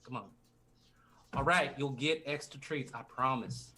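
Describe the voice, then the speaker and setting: A man's voice: medium pitch, a little slow, pushed and bright. A man playing a tabletop game, talking in character in a playful way. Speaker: player.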